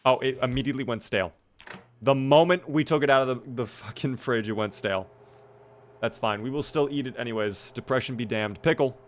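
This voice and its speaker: A man's voice: mid-range voice, a little fast, slight background noise. A man giving casual, jokey live-stream commentary over a game, chatting with and thanking his viewers.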